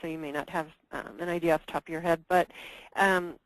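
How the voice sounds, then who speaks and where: A woman's voice: low voice, steady tone, a little fast, background noise. A woman leading a conference call discussion, hesitant and full of fillers and restarts. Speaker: meeting presenter.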